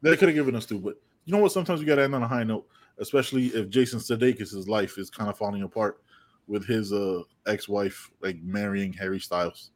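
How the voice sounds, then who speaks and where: Podcast co-host from the United States, rambling and profane. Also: male voice, fairly low pitch, fairly quick. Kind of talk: casual sports chat.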